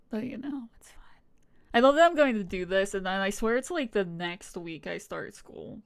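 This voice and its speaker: A woman's voice: mid-range voice, expressive, unhurried, gravelly, long pauses. Rambling young woman streamer. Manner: rambling, swears and laughs often. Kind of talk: casual live-stream chat.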